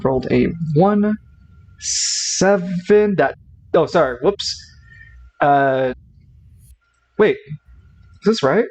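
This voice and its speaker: A man's voice: on the high side, lively intonation, extremely slow, long pauses, a little mellow, poor audio. A man narrating a tabletop role-playing game as game master, often stopping and restarting while he checks the rules.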